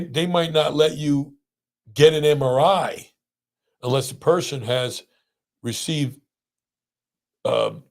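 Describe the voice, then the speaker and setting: Gravelly animated doctor host. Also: male voice, medium pitch. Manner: animated, acts out quoted voices. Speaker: podcast host, pain doctor. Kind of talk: casual storytelling chat.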